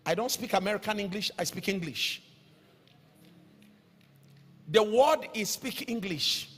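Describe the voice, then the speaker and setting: High-voiced Nigerian preacher in an echoey hall. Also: male voice, breathy edge. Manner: fervent preaching with call-and-response to the congregation; sing-song rises and sudden shouts. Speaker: pastor. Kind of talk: sermon. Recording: echoey hall with faint music.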